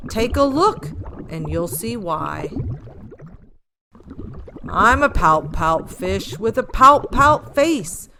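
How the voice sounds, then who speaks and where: A sulky, gloomy male fish from a storybook , played by a woman reading aloud. He moans his lines in a slow, mopey sing-song. Steady background hiss sits under the voice. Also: medium pitch, heavily acted. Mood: glum.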